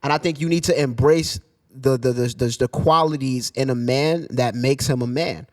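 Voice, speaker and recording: A man co-hosting a casual discussion, talking in a halting way with frequent restarts and hedges. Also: mid-range voice, a little mellow. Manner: halting, restarts often, hedging.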